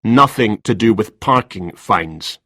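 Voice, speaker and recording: A man's voice: on the low side, lively intonation, takes it slowly, pushed and bright, dry recording, clean studio sound, exaggerated voice. A man doing a stern, curt detective inspector. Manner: curt, clipped questioning. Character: stern male police detective inspector, cool and dry.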